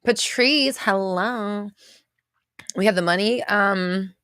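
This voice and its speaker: A woman's voice: medium pitch, slow pace, a bit bright, clean tone, no room sound, clean studio sound. A woman hosting a casual livestream, greeting viewers by name and reading out their comments in a chatty way. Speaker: livestream host.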